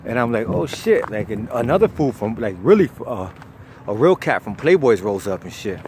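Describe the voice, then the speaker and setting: A man's voice: medium pitch, fairly quick, slight background noise. A young man, casually telling a wild story, slangy and profane. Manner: profane, slangy, lively, laughs at his own story.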